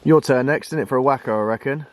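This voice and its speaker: A man chatting casually to camera while fishing outdoors, relaxed and easygoing, calling his friend mate. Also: mid-range voice, fast. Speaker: vlogger and angler. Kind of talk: casual fishing vlog chat. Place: lakeside fishing swim outdoors.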